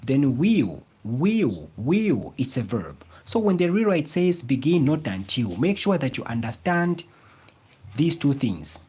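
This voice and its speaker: A male tutor with a husky, somewhat breathy voice teaches grammar to a class. His pitch moves a lot as he repeats key phrases slowly and emphatically. He keeps prompting his listeners with fill-in questions. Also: big pitch swings, warm tone. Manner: slow, emphatic explaining.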